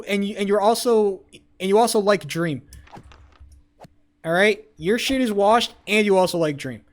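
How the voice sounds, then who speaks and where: A young man live-streaming, loudly trash-talking and swearing as he banters with his chat. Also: high voice, moderate pace, long pauses. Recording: faint music behind the voice.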